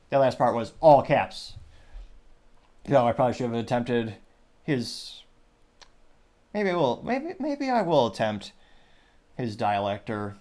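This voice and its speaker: A man's voice: mid-range voice, darkish tone. A man hosting a news commentary podcast, talking in a wry, digressive way with joking asides. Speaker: podcast host.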